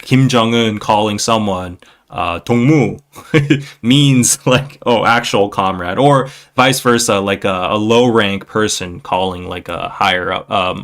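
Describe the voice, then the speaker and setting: A man's voice: on the low side, fairly bright tone. A man in his thirties from South Korea, hosting a podcast in a loose, chatty way, full of fillers like "like" and "you know". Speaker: podcast host. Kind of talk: casual podcast chat.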